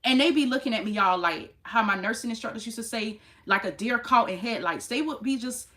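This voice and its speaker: A woman's voice: brisk, fairly bright tone. Exasperated woman nurse ranting to camera. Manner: emphatic and exasperated, jumps into high exclamations; chatty, talks straight to viewers. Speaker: nurse vlogger. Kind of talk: casual storytelling rant to camera.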